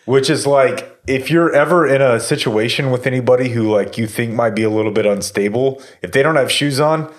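A man's voice: mid-range voice, fairly quick, hardly any pauses. A man in his thirties telling a story in casual chat, rambling with lots of fillers and swearing. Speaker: podcast host telling a story.

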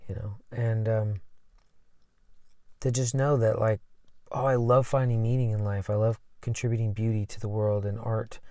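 Earnest rambling man, gravelly voice. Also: on the low side, flat delivery, moderate pace, warm tone, dry recording, studio quality. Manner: rambling, earnest, many fillers. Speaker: coach. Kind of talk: casual personal talk.

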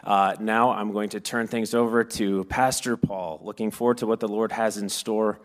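A man leading a church service, praying earnestly and giving relaxed announcements. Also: on the low side, moderate pace. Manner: earnest, prayerful, relaxed asides. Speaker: worship leader.

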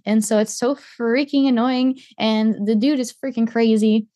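A young woman casually telling a story in a chat, animated and swearing, acting out what people said. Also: on the high side, measured pace, no room sound, studio quality. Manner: animated, swearing, acts out quotes.

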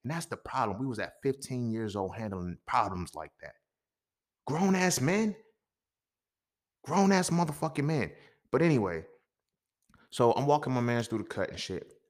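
A young adult man hosting a podcast, telling a story from his own life in a casual, profane, animated way with lots of slang. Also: mid-range voice, moderate pace, pauses often. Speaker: podcast host.

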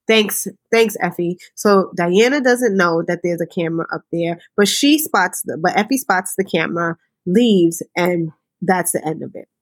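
A woman hosting a podcast, recapping a TV episode in an animated, casual storytelling way. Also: fairly low pitch, normal speed, no echo. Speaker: podcast host.

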